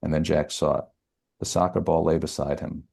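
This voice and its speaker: Very deep, gravelly male author reading. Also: flat delivery, moderate pace, warm tone. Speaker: novelist. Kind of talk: author reading his own novel aloud.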